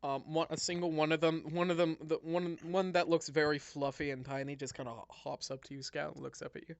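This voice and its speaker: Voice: medium pitch, little pitch movement, fairly quick, vocal fry, no echo, muffled recording. A game master narrating a tabletop game, rambling with hesitant restarts.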